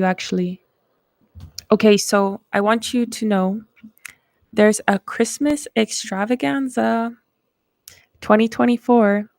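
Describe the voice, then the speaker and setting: A woman with a gravelly, fry-laced voice talks slowly and loosely on her live stream, trailing off into fillers and restarts. The sound is dry and close, with no room around her. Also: mid-range voice, fairly even intonation, darkish tone, dry recording. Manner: frustrated, rambling, many fillers. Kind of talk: casual live stream chat.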